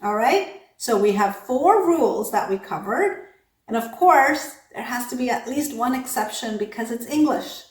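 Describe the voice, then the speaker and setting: A woman teaching English pronunciation, patiently explaining sound rules, saying example words slowly and often checking in with "okay?". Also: on the high side, animated, roomy sound. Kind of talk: pronunciation lesson.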